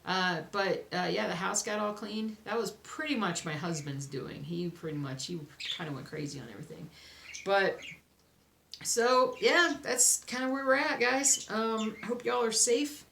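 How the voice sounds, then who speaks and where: A cross stitch vlogger at home, a young woman chats casually and rambles about her week, reassuring herself while sleepy and yawning. Her mid-range voice is fairly bright with vocal fry and a measured pace; the room is echoey with faint noise.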